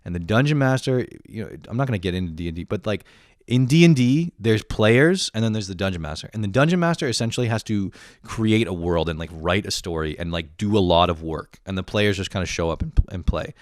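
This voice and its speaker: A man's voice: lowish voice, fairly quick, dry recording, studio quality. A young man in his twenties ranting casually and comically, swearing a lot and laughing often. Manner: profane, animated, laughs often. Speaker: vlogger. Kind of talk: casual comedic rant.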